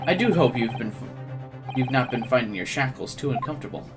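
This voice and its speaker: A man voicing a calm, formal male investigator who speaks in measured, courteous sentences, over game music. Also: mid-range voice, lightly acted. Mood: stern.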